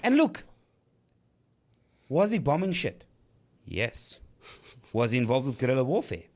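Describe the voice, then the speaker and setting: A man's voice: mid-range voice, big pitch swings, measured pace. A man co-hosting a podcast, telling a story in casual chat with emphatic rhetorical questions. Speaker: podcast co-host.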